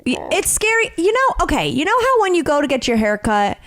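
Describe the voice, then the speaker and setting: A woman co-hosting a comedy podcast, chatting casually and tossing in quick wisecracks. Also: high voice, sing-song, fairly bright tone, no echo, clean studio sound. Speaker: podcast co-host. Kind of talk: casual chat.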